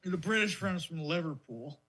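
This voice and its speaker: A man's voice: fairly high pitch, animated, normal speed, pushed and bright, a little hiss or hum. A man co-hosting a podcast in casual chat, ranting in a mocking, profane way. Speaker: podcast co-host.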